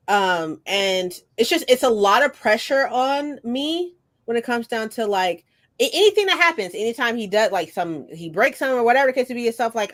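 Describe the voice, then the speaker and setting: A woman's voice: mid-range voice, fairly bright tone. A woman hosting a casual chat, telling stories expressively, quoting people and swearing freely. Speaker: host.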